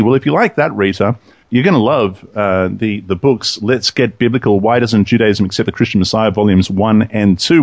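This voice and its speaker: A man's voice: on the low side, no echo. A man hosting a casual podcast chat over a video call, telling rambling jokes. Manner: jokey, rambling, lively delivery. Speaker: podcast host.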